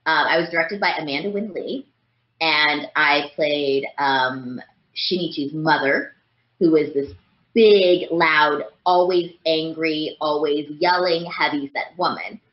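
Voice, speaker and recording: Woman guest, rambling casual talk, low-ish voice, dull roomy recording. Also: slow pace. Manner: rambling, many "like" fillers. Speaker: voice actress guest. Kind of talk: casual interview chat.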